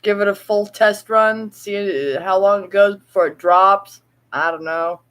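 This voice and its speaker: A vlogger at home at night talks casually with her viewers in a medium-pitched, slightly bright voice, though the recording is rough. She rambles, laughs, and draws her words out slowly.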